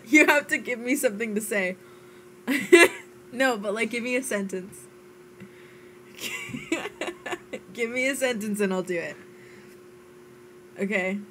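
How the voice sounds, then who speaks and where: A woman's voice: fairly high pitch, slow, pauses often, a bit bright, a little hiss or hum. A young American woman streaming a game, chatting casually with friends, giggling and swearing playfully. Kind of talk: casual chat while gaming.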